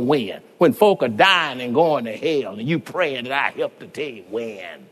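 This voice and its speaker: A man's voice: medium pitch, expressive. Preaching man in a reverberant church. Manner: rising to shouted, drawn-out exclamations, calls congregation to respond. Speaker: pastor. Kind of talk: sermon.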